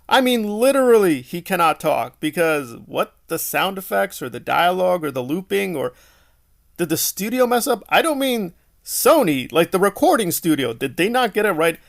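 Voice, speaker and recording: Gravelly, exasperated male film reviewer. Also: sits high, big pitch swings, normal speed. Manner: exasperated, sarcastic, rhetorical questions. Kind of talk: casual opinionated film review.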